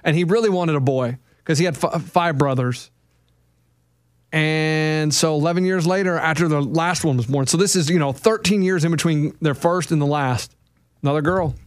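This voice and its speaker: Male co-host, casual storyteller, slightly high voice, dry studio read. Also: no echo. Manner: storytelling, quick quoted asides. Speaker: podcast co-host. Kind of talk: casual chat.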